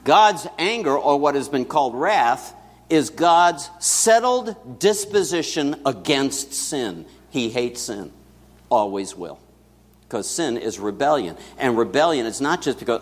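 A man's voice: mid-range voice, sing-song, unhurried, slightly rough. A man preaching a sermon to his congregation in a conversational style, with asides to the people in the room. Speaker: pastor. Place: church sanctuary. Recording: long church reverb.

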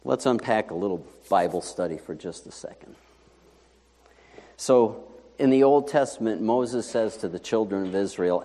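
A male pastor preaching a sermon in a lively, conversational way, full of rhetorical questions to the congregation. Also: on the low side. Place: church sanctuary. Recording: long reverb in a large hall.

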